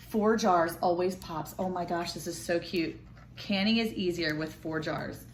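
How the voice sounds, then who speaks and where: A woman, chatting excitedly and gushing as she unboxes a package for her vlog. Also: fairly low pitch, normal speed, very noisy. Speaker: homestead vlogger. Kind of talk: casual unboxing chat.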